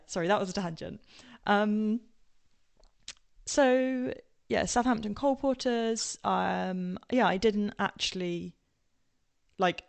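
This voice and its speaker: Brief: young English woman, posh southern accent, low gravelly voice, rambling storyteller. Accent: southern English, now posh-sounding. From England. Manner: rambling with many ums and tangents, laughing. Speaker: podcast guest. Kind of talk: casual personal storytelling.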